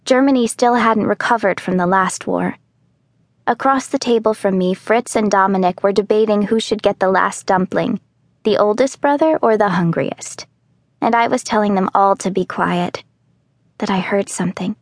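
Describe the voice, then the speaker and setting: A woman narrating a children's audiobook in the first person, telling the story calmly and clearly. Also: mid-range voice, normal speed, dry recording. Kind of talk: scripted narration.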